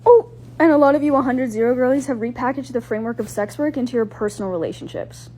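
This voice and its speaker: A woman's voice: high-pitched, fast, warm tone, a little hiss or hum. A woman giving assertive, lecturing commentary in a social media video.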